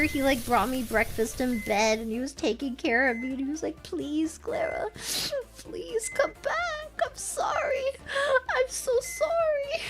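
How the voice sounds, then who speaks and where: A young woman streamer casually telling a story, animated and giggly, often breaking into laughter. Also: high-pitched.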